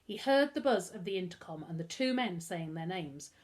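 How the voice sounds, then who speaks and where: Animated English woman reading a children's book. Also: lowish voice, normal speed. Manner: expressive, animated storytelling. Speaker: primary school teacher.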